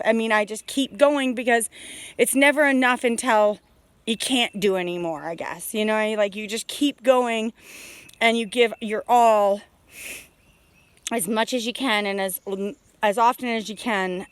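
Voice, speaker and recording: A woman with a somewhat high voice pours out her thoughts in a rambling, heartfelt vlog, full of fillers and restarts. She sounds emotional, close to tears. The sound is dry and close, with no room echo. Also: fairly even intonation, moderate pace, clear, resonant tone. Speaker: homesteader vlogger. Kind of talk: emotional personal vlog monologue. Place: outdoors on a homestead.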